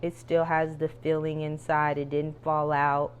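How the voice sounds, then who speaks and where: A woman with a deep voice hosts a cooking vlog, talking to viewers in an unhurried, chatty way as she fries and tastes food. Her pitch barely moves, and slight background noise is audible.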